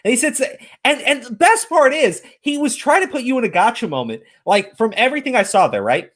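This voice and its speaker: A man's voice: extremely high pitch, sing-song, brisk, few pauses, fairly bright tone. A man hosting a casual commentary show, ranting profanely and breaking into incredulous outbursts. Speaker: podcast host.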